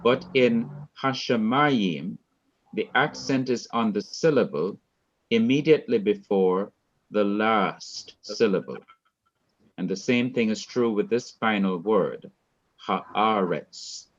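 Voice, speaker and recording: A man teaching a Hebrew class, explaining slowly and repeating key points for his students. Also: lowish voice, lively intonation, muffled recording. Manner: slow, repetitive, deliberate explaining. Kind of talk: classroom lecture.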